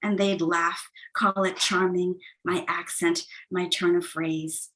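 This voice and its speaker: A woman from the United States reading her poems on a video call, soft and measured. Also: on the low side, flat delivery, rough recording. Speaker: poet. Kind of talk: poetry reading.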